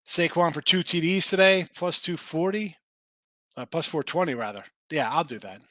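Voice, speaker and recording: Excitable sports betting host, bright voice. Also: male voice, fairly high pitch, normal speed, no room sound. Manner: excitable, swears, talks to chat viewers by name. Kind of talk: casual betting picks talk.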